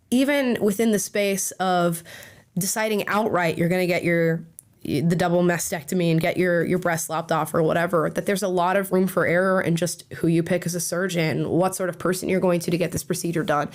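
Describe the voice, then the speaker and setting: Slightly hoarse, chatty young woman. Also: lowish voice, darkish tone. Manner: chatty, rambling with many fillers. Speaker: host. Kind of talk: casual livestream commentary.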